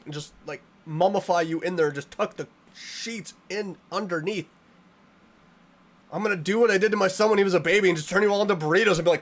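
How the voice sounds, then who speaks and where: A man talking to his stream chat while he plays, in a slightly higher than usual voice. He is animated and playfully dramatic, thanking viewers and joking around with them. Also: quick pace. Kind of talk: live game stream chatting with chat.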